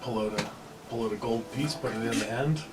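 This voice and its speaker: A man at a tabletop game calling out terse actions in a middle-pitched voice. He is far from the mic, and a steady noise sits under his voice. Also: a little fast. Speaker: player. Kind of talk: casual tabletop play. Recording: distant mic with clear background noise.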